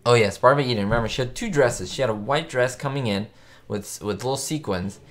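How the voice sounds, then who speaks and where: A man's voice: medium pitch, fast. A young man hosting a casual live stream, answering viewer questions with chatty enthusiasm. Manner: chatty, enthusiastic, quotes show lines in put-on voices. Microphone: webcam or desk mic.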